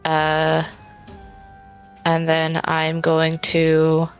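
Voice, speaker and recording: A woman playing in a tabletop game, thinking aloud in a hesitant, unhurried way. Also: low-pitched, monotone, clear, resonant tone, faint music behind. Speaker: player. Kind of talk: casual tabletop play.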